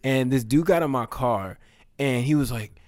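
A man's voice: medium pitch, normal speed, darkish tone. A young man hosting a casual conversation, telling stories candidly and laughing often.

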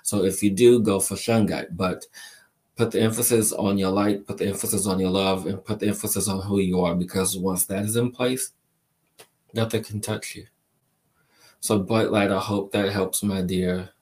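A man with a very deep voice hosts a spiritual live stream and answers viewer questions one by one. He talks slowly and deliberately and piles up repeated phrases to stress a point. He speaks to listeners warmly as "my friend" and "my dear.". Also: steady tone.

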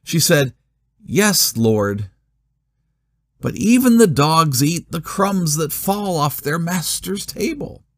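A man preaching a sermon, expressive, with rhetorical questions and dramatic pauses. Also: a little high, creaky, dry recording, studio quality. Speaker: pastor.

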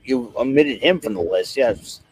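Animated man on a podcast. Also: mid-range voice, normal speed, breathy edge, poor audio. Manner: animated, exclaiming, speaks with disgust at odd foods. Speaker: podcast co-host. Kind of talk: casual chat.

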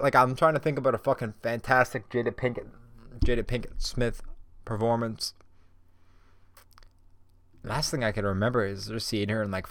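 A man's voice: medium pitch, fairly bright tone, no room sound, studio quality. A young man hosting a podcast, ranting casually and heatedly, swearing constantly and filling his talk with "bro" and "like.". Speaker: podcast host. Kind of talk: casual profane rant.

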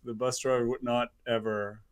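A man's voice: medium pitch, flat delivery, normal speed, smooth. A man co-hosting a podcast in casual chat, easygoing, with short replies and wry asides. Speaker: podcast co-host.

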